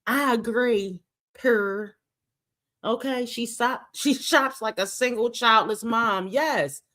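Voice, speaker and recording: A woman's voice: fairly high pitch, slow, pushed and bright. A woman hosting a casual reaction stream, talking to her chat with sassy rhetorical questions.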